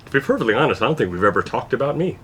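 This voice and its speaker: Animated, bright-voiced man telling stories. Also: medium pitch, rapid-fire, slight background noise. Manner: animated storyteller who swears freely. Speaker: podcast host. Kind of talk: casual chat.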